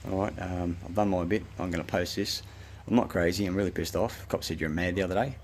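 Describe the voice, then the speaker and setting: A man with an Australian accent rants in a long, self-recorded monologue, swearing often and jumping from point to point. His voice sits very low, and a faint hiss runs underneath. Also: steady tone, fast. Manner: profane, agitated, rambling ranting. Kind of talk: rambling monologue.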